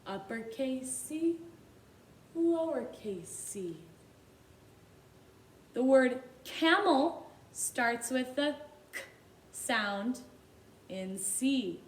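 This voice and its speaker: Slow, sing-song kindergarten teacher woman. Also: on the high side, reverberant. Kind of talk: recorded phonics lesson for young children.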